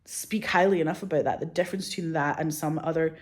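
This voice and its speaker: Animated woman, lower voice. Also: fast. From Scotland. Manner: animated and candid, frequent swearing, fillers like "like", acts out quotes. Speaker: filmmaker guest. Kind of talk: casual interview chat.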